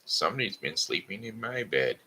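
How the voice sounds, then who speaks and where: A man's voice: lowish voice, very animated, a little fast, bright, forceful tone, a little hiss or hum, voice pushed up, full character voice. A man voicing a fussy mother bear in a storybook reading, in a raised, prim complaining tone.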